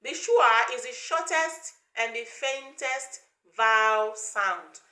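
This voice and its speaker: Slow, bright-voiced woman teaching vowel sounds. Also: a little high, roomy sound. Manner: slow, deliberate, repeats sounds for learners to copy. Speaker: pronunciation teacher. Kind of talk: English pronunciation lesson.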